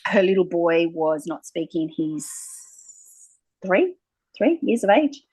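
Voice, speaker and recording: A woman's voice: fairly low pitch, slow pace, husky, no echo, low-quality recording. A woman, a naturopath guest talking at length in an interview and acting out little exchanges as she tells stories. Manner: animated storyteller, acting out quoted exchanges. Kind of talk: conversational interview.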